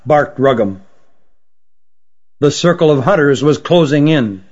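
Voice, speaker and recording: A man narrating an audiobook story at a steady, even storytelling pace. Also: fairly high pitch. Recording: dull lo-fi recording.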